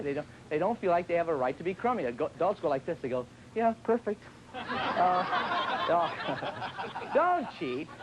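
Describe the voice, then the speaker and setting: A man's voice: sits high, lo-fi sound, background noise. A man teaching tennis on a TV show in a chatty, joking way, sometimes acting out what his students say. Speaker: tennis instructor. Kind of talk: televised tennis lesson.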